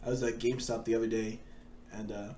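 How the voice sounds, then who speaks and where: A man's voice: on the low side, little pitch movement, fast, mellow, a little hiss or hum. A young man co-hosting a casual podcast chat, telling stories with frequent laughter and fillers. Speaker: podcast co-host. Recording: echoey room.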